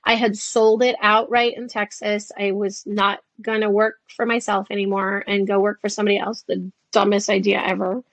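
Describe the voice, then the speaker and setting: A woman in her fifties chatting as a guest in an interview, animated and acting out the voices she quotes. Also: mid-range voice, normal speed, few pauses, no echo. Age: 50s. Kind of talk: casual interview chat.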